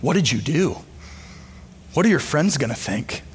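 A man doing a low, hushed menacing enemy. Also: very animated, moderate pace, a little hiss or hum. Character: sly male enemy whispering lies, menacing.

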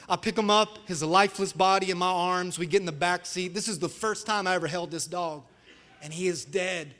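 High, bright-voiced storytelling pastor. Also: male voice, normal speed. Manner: animated, acts out quotes with shouts and laughter. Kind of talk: storytelling sermon. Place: church sanctuary. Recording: long church hall reverb.

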